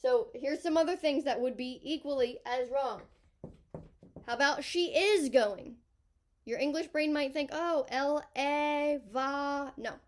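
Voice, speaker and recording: A woman, a high school teacher, explaining grammar in an emphatic lesson that repeats key points. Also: unhurried.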